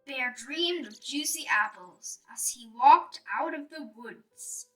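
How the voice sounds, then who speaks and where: A woman reading a rhyming children's storybook aloud in a slow, expressive, sing-song way. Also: high voice. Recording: voice a bit distant, faint music behind.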